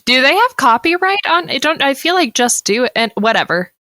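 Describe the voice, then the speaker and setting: A young woman co-hosting a casual podcast, speaking into a mic with a pop filter. Her voice is bright, with a pitch that swings up and down a lot. She is playful and giggly and swears casually. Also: sing-song, fairly quick. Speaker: podcast co-host. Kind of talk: casual chat.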